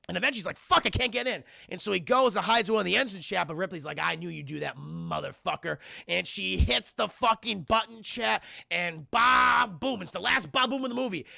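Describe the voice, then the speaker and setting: A man gives a profane, animated film recap to his stream chat, in a high, bright voice. He has a heavy gravelly fry, and the recording is dry and close. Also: dry recording.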